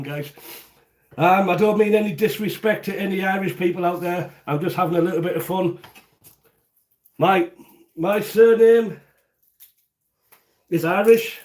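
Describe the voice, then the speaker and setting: A man's voice: high-pitched, a little slow, long pauses, darkish tone. A man from the UK hosting a casual live cooking stream from his home kitchen, chatty and jokey, rambling as he greets viewers by name. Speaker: cooking show host.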